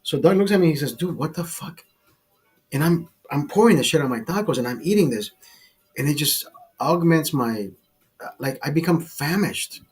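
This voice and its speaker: Husky man telling a profane story. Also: on the high side, brisk, soft background music. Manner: profane, animated anecdote with acted quotes. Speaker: podcast host telling a story. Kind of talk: casual storytelling chat.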